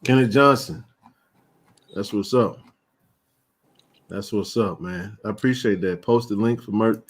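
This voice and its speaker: A man's voice: fairly low pitch, a little slow. A man, hosting a casual live sports chat stream in a laid-back, drawling way.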